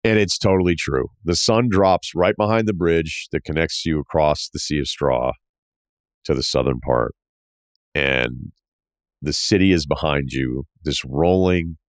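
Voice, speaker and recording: Podcast host, very deep voice, loose and profane storyteller who acts out dialogue, recorded dry. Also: male voice, unhurried, no echo. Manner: profane, self-mocking, acts out quoted dialogue. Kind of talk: casual travel storytelling monologue.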